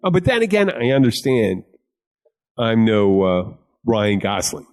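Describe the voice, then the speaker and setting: A man's voice: on the low side, very animated, a little slow. A middle-aged man from Philadelphia co-hosting a casual chat, joking and swearing freely. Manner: profane, joking, jumps into loud put-on voices. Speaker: podcast co-host.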